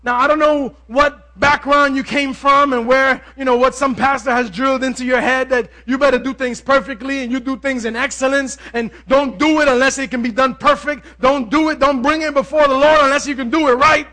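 A male preacher giving a lively, conversational sermon, joking with the congregation as he goes. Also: extremely high pitch, a little fast, hardly any pauses.

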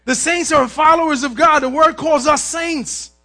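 A man pastor preaching a sermon to his congregation with high energy, often raising his voice to a shout and asking for an "amen.". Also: moderate pace.

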